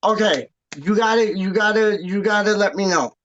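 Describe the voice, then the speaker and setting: Excitable high-voiced man in casual chat. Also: moderate pace, lo-fi sound, slight background noise. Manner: excitable, repeats phrases. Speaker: fan stream co-host.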